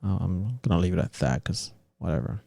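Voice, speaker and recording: A man hosting a casual podcast, ranting in an animated way and swearing constantly. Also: low-pitched, fairly quick, vocal fry, no room sound. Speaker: podcast host. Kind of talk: casual opinion talk.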